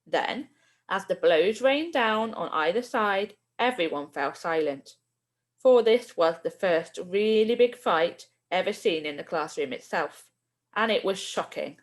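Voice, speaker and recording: A woman, a primary school teacher, reading a children's book aloud with expressive storytelling. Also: lowish voice, a little slow.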